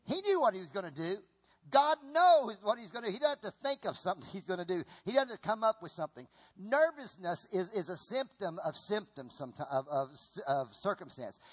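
A middle-aged man preaching a sermon in an animated way, repeating his phrases and calling on the congregation to answer. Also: high-pitched. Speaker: pastor.

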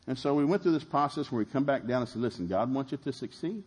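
Middle-aged preacher, husky, fervent, plays out quoted voices. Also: male voice, medium pitch, lively intonation, quick pace, a little mellow. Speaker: pastor. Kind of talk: sermon.

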